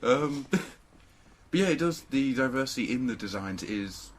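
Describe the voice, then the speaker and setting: Over a noisy crowd, a male podcast co-host talks casually in a mid-range, lively voice without hurrying. His chat rambles and is full of jokes and filler words.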